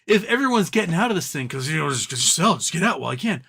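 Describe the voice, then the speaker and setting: A man's voice: mid-range voice, a little fast, bright, forceful tone. A man hosting a casual live stream, ranting animatedly and mocking other people's voices as he quotes them.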